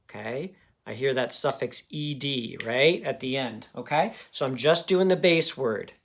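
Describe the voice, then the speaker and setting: A male teacher speaks slowly and deliberately, at a middle pitch. He is patient and encouraging as he walks through a phonics lesson, checking in often with the learners. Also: a bit bright.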